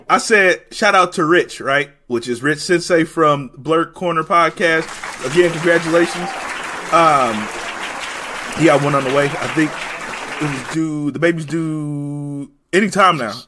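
A man hosting a podcast, bantering loudly with profane jokes. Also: a little high, a little slow, a crowd in the background, background noise. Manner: loud, joking, profane banter. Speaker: podcast host. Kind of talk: casual chat.

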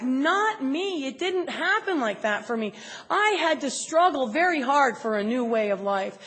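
Woman giving a lively personal testimony, higher register, long hall reverb. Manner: animated, acts out her own inner voice. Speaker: recovery meeting speaker. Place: large convention hall. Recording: echoey convention hall recording.

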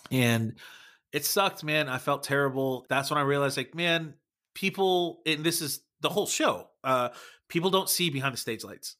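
A man's voice: fairly high pitch, moderate pace, pushed and bright. A man, a former band member, chatting casually on a podcast, swearing often and calling people man and dude. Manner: laid-back, swears often, says man and dude a lot.

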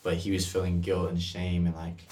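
A man speaking earnestly and gently about faith in a casual conversation. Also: low voice, monotone, normal speed, distant mic, a little hiss or hum.

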